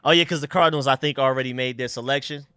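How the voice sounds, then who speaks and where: A young man hosting a casual live stream, chatting excitedly and thanking donors. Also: medium pitch, rapid-fire, smooth, no echo.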